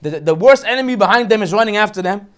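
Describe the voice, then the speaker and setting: A man teaching a lesson on the weekly Torah portion as a rabbi, telling the story in an animated way and acting out quotes with jokes. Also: high-pitched, very fast.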